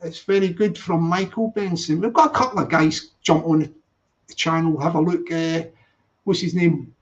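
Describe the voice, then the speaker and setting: A rambling, upbeat man hosting a casual morning live stream. His voice sits high, and he greets viewers over and over in a sing-song lilt. The sound is dull and lo-fi. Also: moderate pace.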